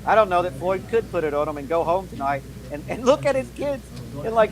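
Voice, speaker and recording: A man's voice: high voice, lively intonation, fairly quick, low-quality recording. A man co-hosting a combat sports talk show, skeptical and repeating himself as he thinks aloud. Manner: skeptical, talks through restarts and hedges. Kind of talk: casual combat sports commentary.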